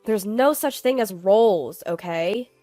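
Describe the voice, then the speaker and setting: Woman calmly narrating a family story. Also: medium pitch, unhurried, no room sound, soft background music. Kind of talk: scripted first-person narration.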